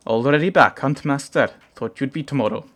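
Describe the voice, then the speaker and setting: A man voicing a gruff giant warrior with a put-on Welsh accent while reading a game's dialogue. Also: mid-range voice, a little fast, a bit bright, voice pushed up, natural voice. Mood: urgent.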